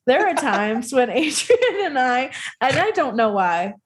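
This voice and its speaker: A woman's voice: sits high, very animated, unhurried, slight background noise. A woman co-hosting a podcast from the United States, chatting casually in a giggly, crude and blunt way. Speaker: podcast co-host. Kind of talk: casual chat.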